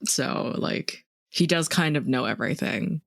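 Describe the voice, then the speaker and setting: A podcast co-host in casual chat, chiming in with quick quips and short reactions. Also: mid-range voice, gravelly, a bit bright, no room sound, studio quality.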